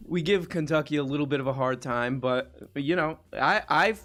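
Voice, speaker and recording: A man's voice: on the high side, moderate pace, few pauses, fairly bright tone, faint music behind. A man hosting a live talk show, chatting in a loose, joking, rambling way. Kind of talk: casual chat.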